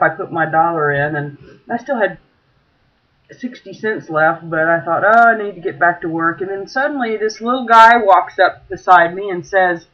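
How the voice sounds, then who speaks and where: A woman casually telling a story in a chatty vlog, laughing often as she talks. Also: mid-range voice. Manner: chatty, giggly, many laughs. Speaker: vlogger. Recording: dull lo-fi recording.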